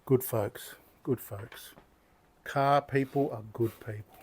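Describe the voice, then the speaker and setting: A man's voice: medium pitch, fairly even intonation, takes it slowly, a little mellow, breathy edge. Chatty older Australian man. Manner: chatty, rambling, good-humoured storyteller. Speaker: knife sharpening channel host. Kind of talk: casual talk while demonstrating.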